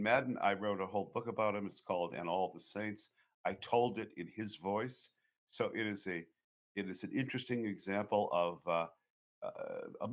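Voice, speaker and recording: A man from the Boston area, a guest author telling long, digressive stories in an interview. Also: lowish voice. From Boston area, USA. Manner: anecdotal, digressive. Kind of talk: storytelling interview talk.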